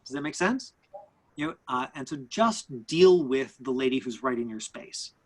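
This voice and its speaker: Husky-voiced male acting coach, halting. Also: medium pitch, animated, low-quality recording. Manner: halting, many fillers and restarts. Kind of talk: live online acting class.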